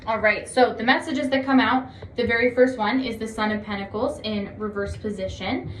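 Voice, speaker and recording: A woman giving a casual tarot reading to her viewers, chatty and encouraging, often gushing with excitement. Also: a little high, moderate pace, background noise. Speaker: tarot reader. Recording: echoey room.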